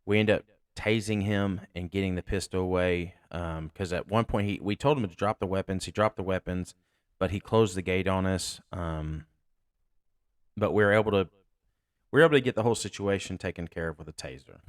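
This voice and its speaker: A sheriff's deputy hosting a podcast, telling a tense story in a blunt, candid, profane way. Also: male voice, deep voice, fairly quick, no echo, clean studio sound. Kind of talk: casual storytelling.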